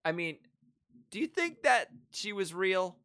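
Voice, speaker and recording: A man co-hosting a casual movie podcast, asking questions with halting restarts. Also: high voice, big pitch swings, pushed and bright, dry recording.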